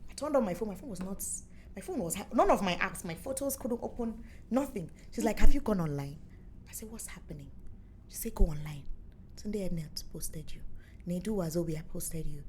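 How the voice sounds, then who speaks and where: A young adult woman with a Nigerian accent, telling her story as an interview guest in lively, playful chat and acting out the voices of others. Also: on the low side, a little fast, slight background noise. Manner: animated, playful storyteller who acts out quotes. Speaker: musician and former radio presenter, interview guest.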